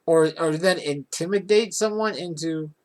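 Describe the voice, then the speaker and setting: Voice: mid-range voice, moderate pace. A vlogger telling a personal story in a casual, rambling way, with restarts and rising indignation. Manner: rambling and animated, with many restarts.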